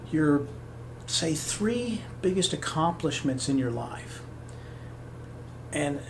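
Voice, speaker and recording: A man's voice: on the high side, slight background noise. A man hosting a podcast, giving a motivational talk and acting out the voices he quotes. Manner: animated, acts out quoted voices. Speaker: podcast host.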